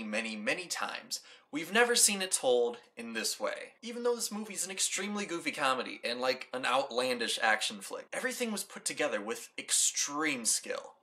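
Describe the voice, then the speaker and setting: A man's voice: a little high, pushed and bright. A young man from the United States hosts a casual movie review show. He talks with enthusiasm and rambles, with many repeated "like"s and restarts. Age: young adult. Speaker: host of a movie review channel.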